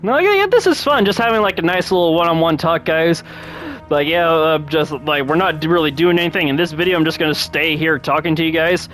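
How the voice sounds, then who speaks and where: A man hosting his own channel, chatting casually and one-on-one with viewers. He rambles, restarts his sentences often, laughs a lot and gets animated when telling a story. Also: a little high, a little fast, faint music behind. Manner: rambling, with frequent restarts and self-corrections. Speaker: channel host.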